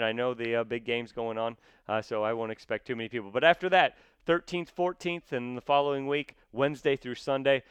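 Animated Midwestern man, casual podcast guest. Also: mid-range voice, smooth, no echo. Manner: animated, energetic, rambling with many fillers. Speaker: guest, theater actor and sports commentator.

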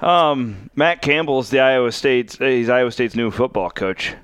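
Smooth-voiced male podcast host. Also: medium pitch, measured pace, fairly bright tone, dry recording. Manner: friendly, reads ad spots then chats. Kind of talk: casual sports chat.

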